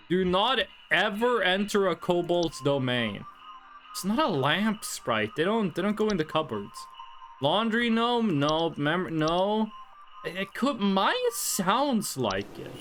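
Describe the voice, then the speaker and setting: Streamer musing out loud over a game, slow and drawly, pitch bouncing all over, light music behind. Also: sing-song. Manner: thinks aloud, chatty, swears casually. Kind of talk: casual game commentary. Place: at home.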